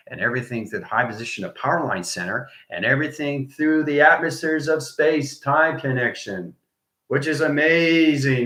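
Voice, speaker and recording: The spiritual teacher speaks at medium pitch with a bright, forceful tone in a roomy space, addressing his livestream audience with rambling enthusiasm. Repetition runs through his talk, along with periodic whispers.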